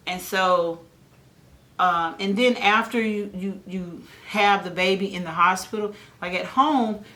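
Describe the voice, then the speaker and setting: A woman, casually telling her own birth story on a family vlog, animated, and jumping her voice up when she imitates other people. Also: medium pitch. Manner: animated, mimics others with a raised voice. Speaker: vlogger and mother.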